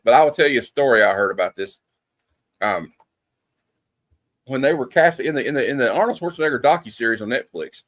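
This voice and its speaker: A man of middle pitch hosts a casual film review. He rambles and restarts often, piling up fillers as he goes. The sound is close and dry, with no room around it. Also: dry recording. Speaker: movie review host. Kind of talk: casual movie review chat. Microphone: streaming setup.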